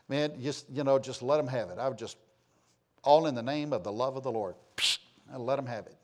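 A man of sixty preaching a sermon, reading scripture slowly and loudly, then dropping to low, quiet asides. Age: 60s. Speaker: pastor.

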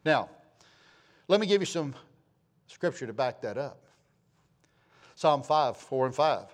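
A man of sixty preaching a sermon, reading scripture slowly and loudly, then dropping to low, quiet asides. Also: expressive. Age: 60s. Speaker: pastor.

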